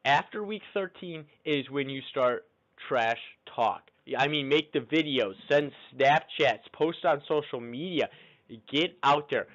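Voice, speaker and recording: A man's voice: fairly high pitch, unhurried, fairly bright tone. A young man giving casual fantasy football commentary, cocky and trash-talking as he builds hype for the playoffs. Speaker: fantasy football league podcaster. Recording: dull lo-fi recording.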